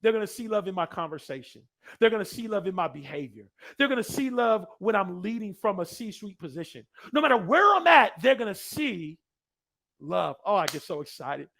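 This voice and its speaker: A man giving an energetic motivational speech to a live audience, swinging from hushed storytelling to loud, fired-up exclamations. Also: high voice, vocal fry. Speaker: keynote speaker. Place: large room, live audience.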